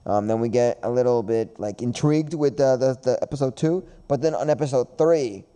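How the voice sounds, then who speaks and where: A man's voice: medium pitch, brisk, mellow, clear, resonant tone. A man hosting a podcast in casual chat, rambling and repeating himself with frequent laughs. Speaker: podcast host.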